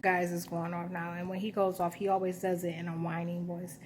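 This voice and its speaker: A woman's voice: on the low side, level tone, brisk, background noise. A woman talking to her camera in a rambling personal monologue, musing and correcting herself as she recalls things. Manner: musing, self-correcting, recounting memories. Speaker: vlogger.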